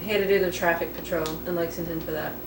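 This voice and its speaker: A woman's voice: on the low side, steady tone, rapid-fire. A woman chatting casually on a podcast, adding a side story. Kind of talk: casual chat. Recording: echoey room from far off, clear noise.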